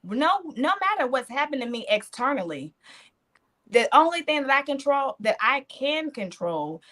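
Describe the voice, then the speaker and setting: A woman hosting a podcast, telling stories in an animated way with churchy affirmations. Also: high-pitched, normal speed. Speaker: podcast host. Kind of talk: casual podcast chat.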